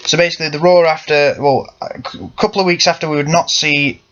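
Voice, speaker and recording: A man's voice: a little high, fairly even intonation, fast talker, a bit bright. A young man giving casual, rambling commentary on wrestling, often correcting himself. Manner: rambling, with frequent self-corrections. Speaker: wrestling fan vlogger. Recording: lo-fi muffled sound.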